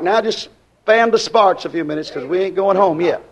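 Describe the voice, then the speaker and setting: A man preaching a sermon, swinging between loud rising lines and low quiet ones and repeating his phrases. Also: moderate pace. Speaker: pastor.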